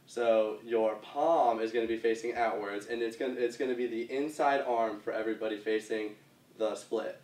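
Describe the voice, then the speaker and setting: A young man calmly explaining line dance steps one by one in a casual, easygoing way. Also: fairly low pitch, moderate pace. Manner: casual, walks through moves with fillers like "kinda". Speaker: dance instructor. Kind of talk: step-by-step dance instruction. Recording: roomy sound, mic far off.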